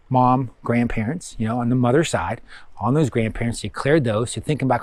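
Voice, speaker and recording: This man speaks a little fast and with animation, his medium-pitched voice carrying a darkish tone and no room sound behind it. He walks students through a spiritual course review in a loose, rambling way, voicing inner thoughts and leaning on fillers, like a casual recorded course talk.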